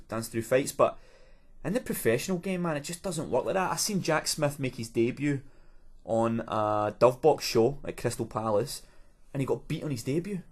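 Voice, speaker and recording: A man's voice: mid-range voice, a little mellow. A man co-hosting a podcast, explaining his views earnestly in casual chat. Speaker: podcast co-host.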